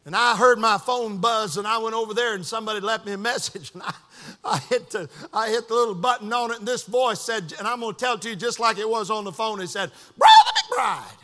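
A man preaches with fervor, his voice bright and carrying. He swings between shouted praise and hushed asides, and the sound rings with the long reverb of a large hall. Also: sits high, fast talker. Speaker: pastor. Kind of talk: sermon.

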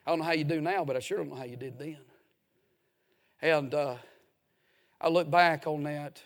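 A man's voice: fairly high pitch, steady tone, moderate pace. A man preaching a folksy, emphatic sermon as a pastor in a church.

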